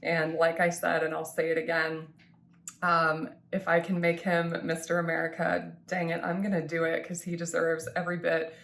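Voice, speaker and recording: A woman in her thirties speaks in a low, fry-edged voice, thanking the people close to her. She sounds tearful and heartfelt, pausing often with ums and restarting her sentences. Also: completely flat delivery, fairly bright tone. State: tearful, crying at times. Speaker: vlogger thanking supporters. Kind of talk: emotional personal thank-you vlog.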